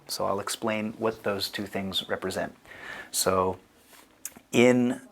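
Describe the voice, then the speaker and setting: A man's voice: on the low side, a bit bright. A man in his thirties, a rabbi giving a casual lecture, chatty and digressive with lots of "you know" and "like". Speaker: rabbi teaching a class.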